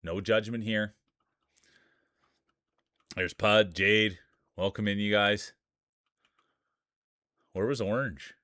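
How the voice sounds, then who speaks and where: A man's voice: fairly low pitch, steady tone, takes it slowly, long pauses, bright, forceful tone, no echo, clean studio sound. A man hosting a live stream of marble races, commentating in playful, jokey announcer patter.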